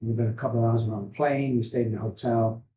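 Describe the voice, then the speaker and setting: A man's voice: medium pitch, steady tone, fast, warm tone, dull audio. A man, an addiction specialist earnestly telling his life story in rambling, heartfelt sentences. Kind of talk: emotional personal storytelling. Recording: roomy echo.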